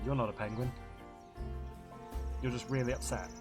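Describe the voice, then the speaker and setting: Brief: chatty male streamer, mid-pitch, swings from loud exclaiming to quiet muttering, music behind. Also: moderate pace. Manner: animated, swearing, chatty, muttering to himself. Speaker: game streamer. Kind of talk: casual live-stream chat.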